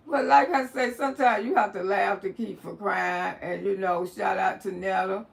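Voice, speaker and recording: A woman hosting a live stream in casual chat, expressive and colloquial and quick to laugh. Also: mid-range voice, gravelly. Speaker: livestream host.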